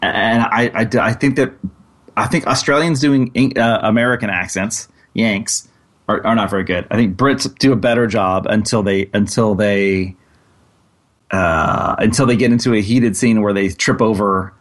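A man co-hosting a podcast who talks casually and in a halting way, restarting his sentences as he thinks aloud. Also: fairly low pitch. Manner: rambling, halting, many restarts. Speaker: podcast co-host.

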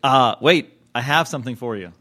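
Animated, bright-voiced male podcast host. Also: mid-range voice, moderate pace. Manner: animated, jokey, swings into mock outbursts. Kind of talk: casual chat.

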